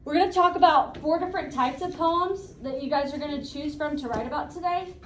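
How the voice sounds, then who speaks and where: A woman teacher leading a classroom lesson, brisk and encouraging, asking the class questions. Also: high-pitched, reverberant, far from the mic, a little hiss or hum, poor audio.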